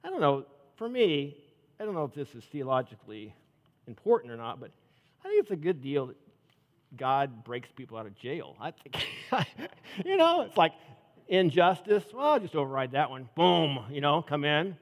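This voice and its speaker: A man preaching a sermon, retelling a Bible story in an animated way, acting out the characters and laughing along. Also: a little high, moderate pace, long reverb tail.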